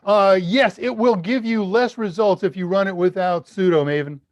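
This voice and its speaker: A man's voice: sits high, normal speed, dry recording, dull audio. A man from the United States hosting a casual live Q&A stream, chatty and self-deprecating, reading out viewer comments and laughing at his own jokes. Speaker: livestream Q&A host.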